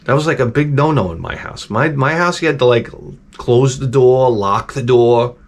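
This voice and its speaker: A man's voice: mid-range voice, moderate pace. Profane rambling middle-aged man. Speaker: channel host. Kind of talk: casual rambling storytelling.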